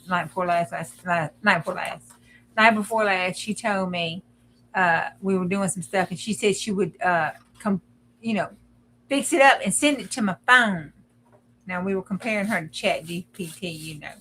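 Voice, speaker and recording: A woman with a drawl talks casually in her craft vlog. She tells stories in a chatty way and bosses her smart speaker around. Her pitch sits right in the middle. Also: fairly bright tone, a little hiss or hum. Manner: chatty, storytelling, bossy with the assistant. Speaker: craft vlogger. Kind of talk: casual chat.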